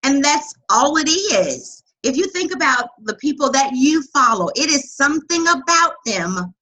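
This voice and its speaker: A woman hosting a live webinar as a coach, talking loudly and energetically and reading out viewers' chat comments. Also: sits high, sing-song, unhurried, low-quality recording.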